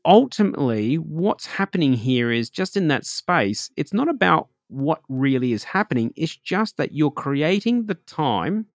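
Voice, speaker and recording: A man's voice: fairly high pitch, sing-song, unhurried, hardly any pauses, dry recording, clean studio sound. A man hosting a solo podcast on meditation and intuition, talking straight to the listener in an earnest, conversational way and often checking in with "right?". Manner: talks directly to the listener with everyday examples.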